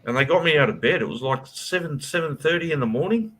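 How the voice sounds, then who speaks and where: Quick and fairly high-pitched, a young man hosting an online voice chat tells a casual story. He's animated, curses, and acts out the things people said.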